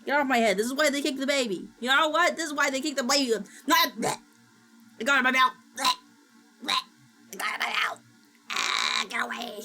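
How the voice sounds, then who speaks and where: A woman streaming, chatting casually while she works and gasping and squealing with excitement as she greets viewers. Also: high-pitched, moderate pace. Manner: excitable, gasps and squeals at new followers; chatty and self-mocking, talking while working. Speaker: VTuber streamer. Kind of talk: casual livestream chat. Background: faint background music.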